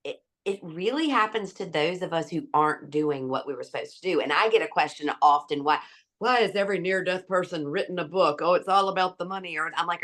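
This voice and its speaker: A woman's voice: fairly low pitch, a little fast, fairly bright tone. A woman doctor speaking as a guest in an interview, candid and emphatic, laughing easily. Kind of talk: conversational interview.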